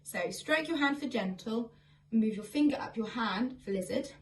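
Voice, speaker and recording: A woman with a high, bright voice leads an online lesson in singing and signing, walking through each hand sign patiently and kindly. She is filmed on a phone a little way off, with a faint hum of room noise behind her. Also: expressive, moderate pace, distant mic, low-quality recording. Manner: friendly, explains each sign step by step. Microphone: phone camera.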